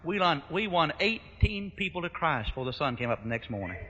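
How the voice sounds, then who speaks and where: A man preaching a sermon, telling a folksy story in an animated way as an old-fashioned gospel pastor. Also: on the high side, a little fast, background noise. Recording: echoey hall, dull lo-fi sound.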